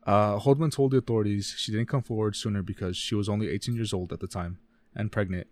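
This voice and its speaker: Casting: deep-ish male podcast co-host, dry close sound, quick reading with stumbles and self-corrections. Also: steady tone, darkish tone, no room sound. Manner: reads case notes fast, stumbles and corrects himself. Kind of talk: casual true-crime podcast reading.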